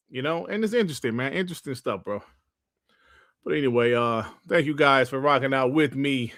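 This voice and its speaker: A man's voice: fairly high pitch, fairly quick, fairly bright tone, no echo, clean studio sound. A man hosting a gaming podcast livestream in a casual, profane, laid-back way, grumbling at technical trouble. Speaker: podcast host.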